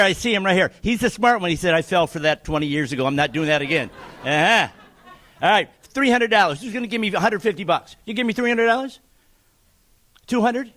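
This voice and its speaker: High-voiced joking man calling an auction. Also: a bit bright. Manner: joking, teasing, rapid bid calling. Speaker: charity auctioneer. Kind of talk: live charity auction calling.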